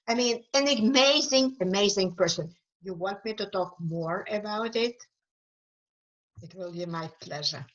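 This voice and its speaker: Woman, Ukrainian accent, slow earnest speech, emphatic, many fillers, muffled lo-fi video call audio. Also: mid-range voice. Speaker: guest speaker, author. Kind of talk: webinar talk answering questions.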